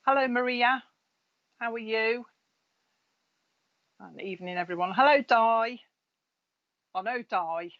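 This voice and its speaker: A chatty middle-aged woman hosts a live stream as a medium, rattling off greetings in a friendly, natter-prone way. Her voice sits at a middling pitch, and the home-mic audio sounds a bit dull and lo-fi. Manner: chatty, friendly, laughs between names. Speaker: spiritual medium hosting live readings. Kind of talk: casual live-stream chat greeting viewers.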